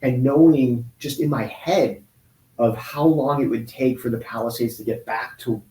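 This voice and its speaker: A man in his forties telling a painful personal story in an interview, halting and restarting often. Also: mid-range voice, warm tone, a little hiss or hum. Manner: halting, with many restarts and pauses. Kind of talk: emotional personal account in an interview. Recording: roomy echo.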